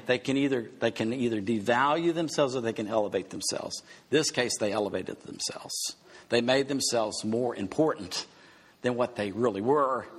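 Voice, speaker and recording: Male preacher, husky, emphatic teacher, big reverberant hall. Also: mid-range voice, a bit bright. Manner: emphatic teaching with rhetorical questions. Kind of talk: sermon.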